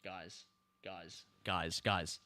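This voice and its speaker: A man's voice: deep voice, level tone, drawn-out words, sharp tone. A man reviewing a TV show in a ranting commentary, exasperated, sighing and laughing in disbelief.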